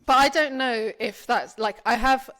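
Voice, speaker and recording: A woman's voice: a little high, moderate pace, a bit bright. A young woman from the UK hosting a podcast in casual chat, rambling and saying "like" often as she tells stories. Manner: rambling, heavy use of "like", storytelling. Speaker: podcast host.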